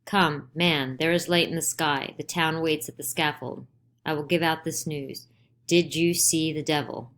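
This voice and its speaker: A woman's voice: low-pitched, fairly even intonation, unhurried, a bit bright. A woman voicing a stern older male judge who questions urgently and insistently in a dramatized play reading. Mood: pressing.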